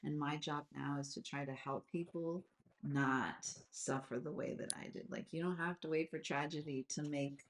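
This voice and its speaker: A woman in her forties talks candidly on a live video call, her voice sitting low. She rambles along with plenty of filler words and drifts from one thought to the next in a loose, chatty way. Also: fairly even intonation, normal speed, a little hiss or hum. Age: 40s. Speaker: host of a live astrology session. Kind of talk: casual live-stream chat.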